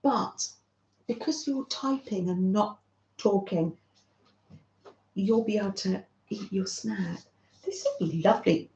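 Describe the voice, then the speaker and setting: A woman hosting a craft channel, chatting gently and fondly with viewers on a livestream. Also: mid-range voice, slow pace, pauses often, reverberant, poor audio. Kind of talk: casual livestream chat with viewers.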